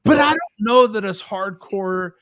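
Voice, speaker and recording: Brief: male talk-show host, animated joker, bright and gravelly voice, bone-dry sound. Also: high-pitched, a little slow, no echo. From Southern California. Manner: joking, animated, teasing. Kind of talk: casual live-stream chat.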